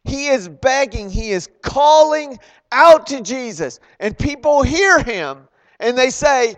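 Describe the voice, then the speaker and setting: High-voiced animated male preacher. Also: slow pace. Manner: animated, acts out quoted voices, loud emphatic bursts; asks the congregation questions. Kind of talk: sermon.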